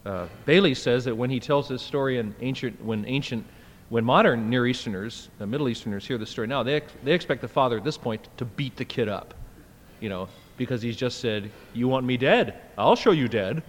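A man's voice: medium pitch, a little fast. A man in his fifties preaching a sermon in a conversational way, thinking aloud with fillers and restarts. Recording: long reverb from a large hall.

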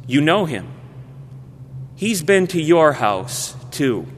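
Slow high-voiced man preaching in a hall. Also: very animated, a little hiss or hum. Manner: measured, dropping to a hushed voice at phrase ends. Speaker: pastor. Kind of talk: sermon storytelling. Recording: long reverb of a large hall.

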